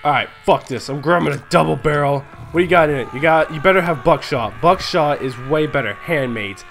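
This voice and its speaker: A man's voice: fairly high pitch, brisk, gravelly, fairly bright tone, faint music behind. A young man commentating his own chaotic survival game, frantic, laughing and swearing. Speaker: gaming YouTuber.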